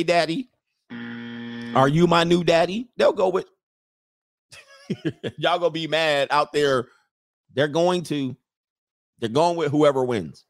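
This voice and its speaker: Brief: male livestream host, animated and emphatic rant, mid-pitched voice, close dry sound. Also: dry recording.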